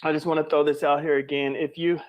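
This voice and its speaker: A tearful man making an emotional appeal to viewers, pleading and halting, repeating words. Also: fairly high pitch, little pitch movement, muffled recording.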